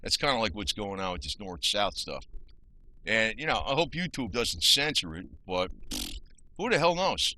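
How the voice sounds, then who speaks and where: A man's voice: on the low side, big pitch swings, moderate pace, bright, forceful tone, a little hiss or hum, poor audio. A man with a New Jersey accent ranting heatedly in a casual video, rambling with restarts and mild swearing. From New Jersey, USA. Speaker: channel host.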